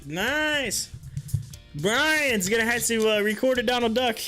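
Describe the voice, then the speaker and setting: A man hosting a live stream in relaxed, rambling chat, laughing often as he talks. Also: very high-pitched, unhurried, soft background music. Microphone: headphones on.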